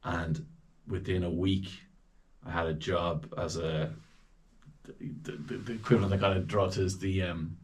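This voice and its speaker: A man's voice: low-pitched, measured pace. An Irish man in his forties telling stories as a guest in a casual chat, bringing quoted people to life. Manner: lively anecdotes with quoted voices.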